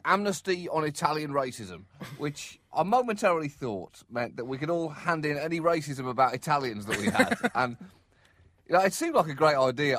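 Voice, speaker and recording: A man's voice: a little high, fairly bright tone. A man co-hosting a comedy podcast, trading wry, dry jokes in casual banter. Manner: wry, dry, chuckling asides.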